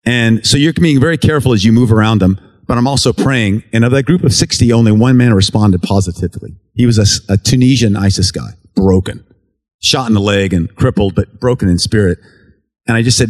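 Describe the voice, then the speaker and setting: An earnest American man tells a church congregation stories from his relief work, in a plain, conversational testimony style. His voice sits at a middle pitch for a man, and he slips into the voices of the people in his stories as he recounts their words. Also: fairly quick, darkish tone. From United States. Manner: earnest, conversational, acts out dialogue while telling stories. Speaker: relief worker giving a mission report to a church. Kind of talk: storytelling testimony talk.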